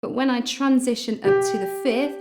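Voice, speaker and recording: A woman's voice: on the high side, steady tone, normal speed, over loud music. A woman teaching a singing lesson, explaining patiently and stopping to demonstrate notes with her voice. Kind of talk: vocal lesson.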